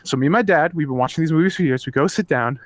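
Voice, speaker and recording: A man co-hosting a casual podcast, ranting with animated, profane energy. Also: a little high, very fast, dry recording. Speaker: podcast co-host.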